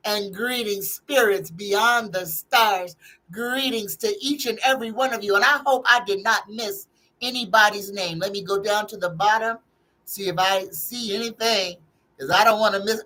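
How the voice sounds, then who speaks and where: A woman's voice: mid-range voice, moderate pace, a bit bright, poor audio. A woman hosting a live tarot stream, chatting casually in a folksy way and greeting her viewers one by one.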